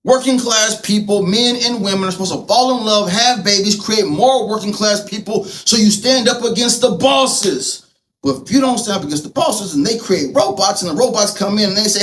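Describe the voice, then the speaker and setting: A man with a high-pitched voice gives a fired-up political monologue, swinging from near-shouts to hushed asides and swearing freely. A faint hiss sits under the recording. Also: expressive, moderate pace. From United States. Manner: fervent, swings loud and soft, profane. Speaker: political vlogger. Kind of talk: impassioned monologue.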